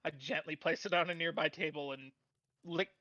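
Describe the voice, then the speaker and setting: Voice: medium pitch, fairly even intonation, a little fast, pushed and bright, no echo. A player in a tabletop game, talking playfully with small laughs. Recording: dull lo-fi mic.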